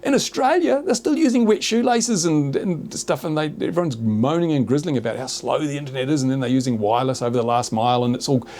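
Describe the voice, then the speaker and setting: A man's voice: medium pitch, fast, hardly any pauses, a little mellow, slight background noise. A man from New Zealand with a New Zealand accent, a YouTuber hosting a casual chat, sarcastic and exaggerated as he rants. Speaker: YouTuber host. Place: small rural workshop studio.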